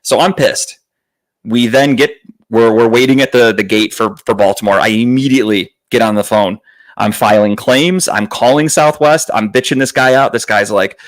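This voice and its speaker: A man's voice: mid-range voice, brisk, poor audio. Podcast host, male, mid-range voice, profane and exasperated, storytelling, with quoted lines acted out. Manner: acts out other people's lines in a raised voice. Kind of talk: casual storytelling chat.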